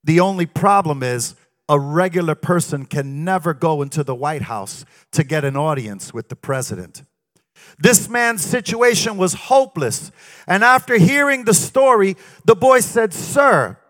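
High bright-voiced male preacher. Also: expressive, moderate pace. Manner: sing-song preaching cadence with frequent exclamations of praise. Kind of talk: sermon.

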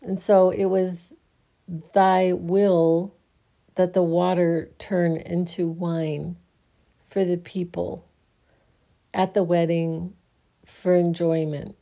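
A sleepy, yawning woman musing on faith in a halting, casual way, often restarting her sentences. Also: on the low side, flat delivery, gravelly. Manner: slow, halting, restarts often, soft laughs.

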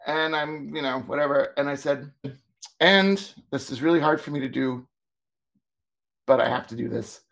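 Gravelly man telling an animated story. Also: fairly high pitch, normal speed, long pauses. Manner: animated, acts out quoted dialogue. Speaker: podcast co-host, former teacher. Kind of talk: casual storytelling chat.

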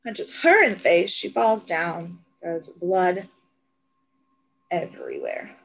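A young woman co-hosting a podcast, retelling a TV episode in casual, animated chat with plenty of swearing. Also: lowish voice, slow, creaky, slight background noise, rough recording. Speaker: podcast co-host.

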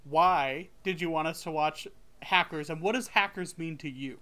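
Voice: mid-range voice, normal speed, pushed and bright. Easygoing host who steers the conversation. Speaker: podcast host. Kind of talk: casual chat.

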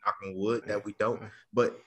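A man's voice: on the low side, level tone, normal speed, fairly bright tone, slight background noise. Theatrical male podcast host. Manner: theatrical, mock-grand announcer flourishes. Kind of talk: casual wrestling podcast chat.

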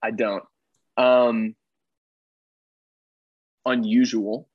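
A man's voice: mid-range voice, level tone, extremely slow, no echo, highs cut off. A young man, a musician being interviewed, chatting casually in a rambling, jokey and self-deprecating way. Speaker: musician guest.

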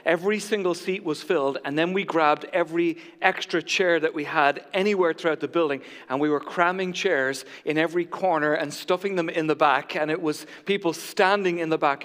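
A man's voice: a little high, fairly bright tone, long reverb tail. A male pastor giving a sermon with a jokey, self-mocking storytelling manner. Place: church sanctuary.

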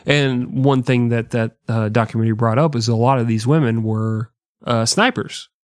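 A man's voice: mid-range voice, moderate pace, no echo, clean studio sound. A man co-hosting a history podcast, retelling events in a casual, profane, joking way. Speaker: podcast co-host.

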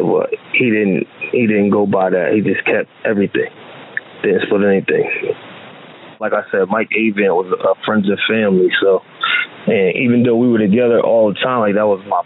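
A man's voice: on the low side, normal speed. A man from New Jersey talking casually and emphatically on a phone call, with many restarts. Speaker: phone guest. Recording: tinny phone line with faint hiss.

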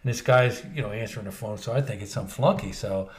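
A man's voice: lowish voice, fast talker, slight background noise. A middle-aged man co-hosting a podcast, telling stories in casual chat, swearing freely and mimicking people's voices. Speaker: podcast co-host.

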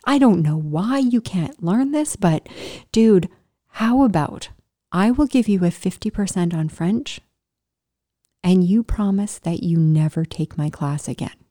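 A woman's voice: fairly low pitch, expressive, a little slow, mellow, no echo, clean studio sound. A woman quoting a blunt, kindly teacher. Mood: frank. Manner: frank, bargaining. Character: blunt but kindly male high school teacher.

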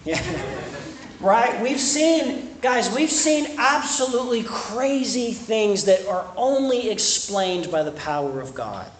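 A young man with a high, lively voice preaches slowly to a campus ministry, speaking conversationally before building into emphatic points. The sermon was captured in an echoey room on a distant mic, with faint background noise.

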